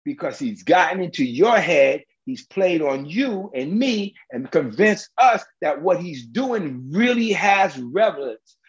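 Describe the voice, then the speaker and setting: A man's voice: a little high, animated, measured pace, hardly any pauses, dull audio. A male preacher delivering an emphatic, colloquial sermon, firing rhetorical questions at the congregation.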